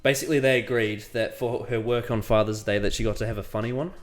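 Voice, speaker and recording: A man's voice: fairly low pitch, fairly even intonation, fast. A man reviewing an episode in casual chat, hesitant with many ums and restarts.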